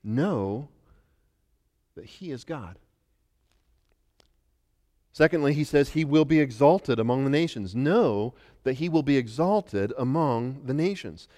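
Man, middle-aged, from the US, pastor, emphatic sermon, soft-to-loud swings, church hall reverb. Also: medium pitch, expressive, slow, long pauses. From United States. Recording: long reverb of a large hall.

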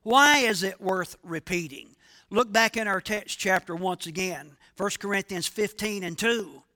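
A male pastor delivers a sermon in a very high, bright voice. He speaks slowly and emphatically and keeps asking his listeners questions. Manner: emphatic, asks the congregation questions.

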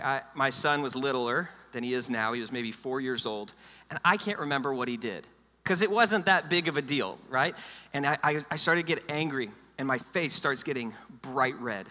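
A middle-aged man, lead pastor, preaching a sermon with energetic humor and quiet, personal stretches. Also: high-pitched. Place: church hall. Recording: long hall reverb.

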